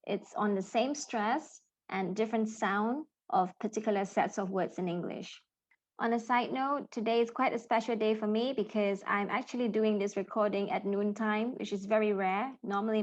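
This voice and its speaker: A woman in her thirties teaching an English pronunciation lesson, speaking deliberately and enunciating each model sound clearly for learners to repeat. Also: medium pitch, steady tone, lo-fi sound. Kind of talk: slow, careful pronunciation lesson with drills.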